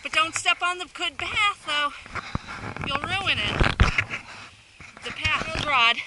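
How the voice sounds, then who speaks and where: An older woman talks into a handheld camera outdoors in the snow, her voice high and swinging widely in pitch. She chats slowly and giggles often. Steady noise runs under the outdoor recording. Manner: chatty, giggly, frequent laughter. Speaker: vlogger filming her family. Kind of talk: casual home video narration. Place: outdoors on a snowy hill. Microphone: handheld video camera. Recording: noisy outdoor camcorder audio.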